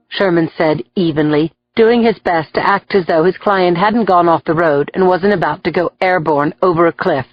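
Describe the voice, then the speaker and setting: A woman reads an audiobook with steady, clear storytelling. The close mic gives a dry sound, and the recording is a little dull and lo-fi. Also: lowish voice, moderate pace, few pauses, no room sound, soft background music. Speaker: audiobook narrator. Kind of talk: scripted audiobook narration.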